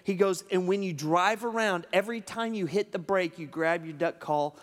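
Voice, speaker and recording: A man's voice: high-pitched, moderate pace, in a large hall. A man preaching a sermon in a folksy way, often checking in with "okay?". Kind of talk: sermon with illustration. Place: church hall.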